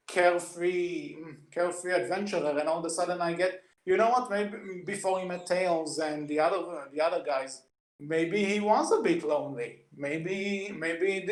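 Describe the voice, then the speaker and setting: A man with a fairly high voice co-hosts a casual podcast and talks through film scenes with eager detail. His voice bounces around a roomy, echoey space. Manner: eager, retells scenes at length. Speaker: podcast co-host.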